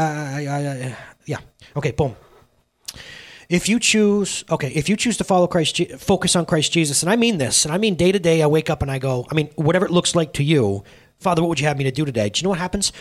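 A man in his thirties, a pastor giving a lively sermon, acting out stories in quoted dialogue. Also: a little high, husky. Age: 30s. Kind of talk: sermon with storytelling. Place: church sanctuary.

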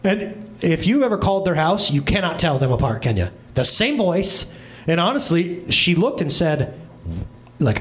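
A man in his thirties preaches from a church stage with a high, bright-sounding voice. His pitch leaps and swoops as he tells stories, dropping into comic voices and quick asides. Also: very animated. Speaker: pastor. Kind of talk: humorous sermon.

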